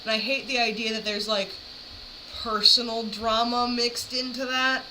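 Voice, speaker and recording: A woman's voice: on the high side, little pitch movement, normal speed, noisy background. A woman talking casually while reacting to a video, rambling with frequent fillers. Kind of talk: casual chat.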